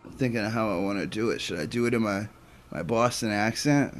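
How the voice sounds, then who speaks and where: A man speaking as a guest on a talk stream, relaxed and rambling, with lots of fillers. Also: fairly low pitch, a little fast, slight background noise. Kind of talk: casual chat.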